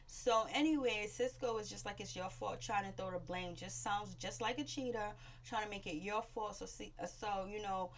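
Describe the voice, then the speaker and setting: A woman's voice: medium pitch, normal speed, few pauses, a little hiss or hum. A woman casually recapping a TV episode on her vlog, rambling with lots of fillers and acting out what people said. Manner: chatty and rambling, with many "you know, um" fillers; acts out quoted lines in raised voices. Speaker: TV show recap vlogger. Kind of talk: casual spoken show recap.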